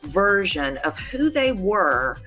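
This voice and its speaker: A woman's voice: medium pitch, sing-song, slow, bright, forceful tone, soft background music. A middle-aged woman, a voice coach, answering interview questions in an emphatic, teacherly way. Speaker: voice coach guest.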